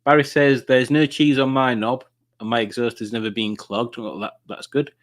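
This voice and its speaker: A man with a mid-range voice hosts a casual live-stream quiz night, reading viewer comments aloud at a moderate pace with a flat delivery. He's jokey and rambling, chuckling at puns.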